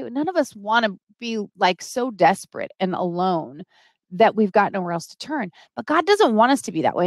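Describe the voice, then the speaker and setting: A middle-aged woman with a fairly high voice hosts a motivational live stream, recorded with no room sound. She talks to her viewers, reads chat names aloud, and becomes emotional and teary as she speaks.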